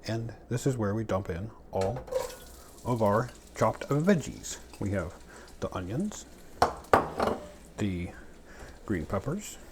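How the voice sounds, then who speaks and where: A man's voice: lowish voice, expressive, takes it slowly, pauses often. Jokey man cooking in a noisy kitchen. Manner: jokey, chatty, talks to himself while cooking. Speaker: home cook. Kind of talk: casual cooking demo. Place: home kitchen. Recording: clattering pans and utensils behind.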